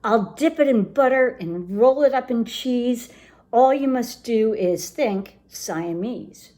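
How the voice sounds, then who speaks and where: A woman's voice: a little high, animated, slow pace, mellow, pitched above the performer's own voice. A woman doing a stern mother cat. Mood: coaxing. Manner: stern, persuasive, rhyming. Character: firm, scolding mother cat.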